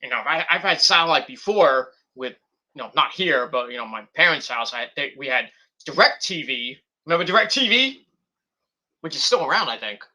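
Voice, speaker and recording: Bright-voiced rambling guy, profane. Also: on the high side, lively intonation, moderate pace. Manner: rambling, profane, goes off on tangents. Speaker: wrestling review vlogger. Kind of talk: casual rambling commentary.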